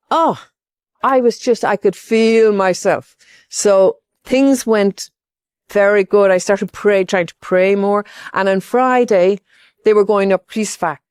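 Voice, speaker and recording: An older woman from Ireland tells her story as a testimony, rambling through it in a heartfelt way, full of asides. Her pitch sits in the middle for a woman, and the sound is close and dry, with no room around it. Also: a little mellow, dry recording. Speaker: pilgrim giving testimony.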